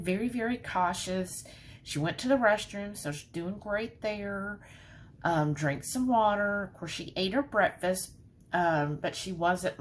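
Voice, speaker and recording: A woman's voice: on the low side, slight background noise. A woman talking casually to her viewers in a vlog, full of fillers and y'alls. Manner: chatty, lots of fillers, says y'all. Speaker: vlogger.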